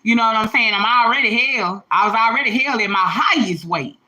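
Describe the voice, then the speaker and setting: A woman, hosting a livestream and telling stories in an animated way, laughing, swearing and calling her viewers y'all and baby. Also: a little high, a little fast, rough recording. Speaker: livestream host. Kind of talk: casual storytelling to viewers. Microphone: phone or webcam livestream.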